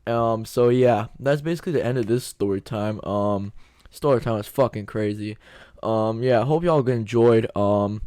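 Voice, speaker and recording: A man's voice: lowish voice, normal speed, dark tone, dry recording, clean studio sound. A young man vlogging a casual story time, telling it in a loose, slangy way with lots of quoted back-and-forth.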